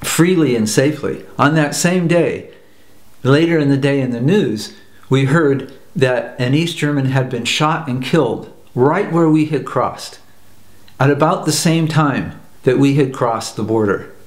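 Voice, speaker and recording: Earnest male speaker from the US, mid pitch, roomy echo; storytelling teacher. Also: a little slow. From United States. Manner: earnest, repeats phrases for emphasis. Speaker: personal growth teacher. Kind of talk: spoken storytelling talk.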